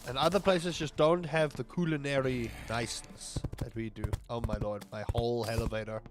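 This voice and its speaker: A man's voice: medium pitch, little pitch movement, a little fast, soft background music. A young man with a South African accent, chatting casually to his viewers while playing a game on a livestream, rambling and joking as he goes. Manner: rambling, jokey, talks to chat while playing. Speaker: streamer. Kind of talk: casual gameplay livestream chat.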